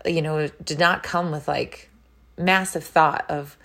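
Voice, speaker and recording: A woman with a low, grounded voice talking through a reflective personal monologue. She speaks in an earnest, heartfelt way, with soft laughs now and then. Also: fairly even intonation, slow pace. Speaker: wellness entrepreneur.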